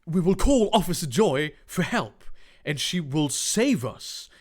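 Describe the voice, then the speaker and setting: Man doing a loud young dudebro, casual, bouncy pitch. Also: big pitch swings, a little slow.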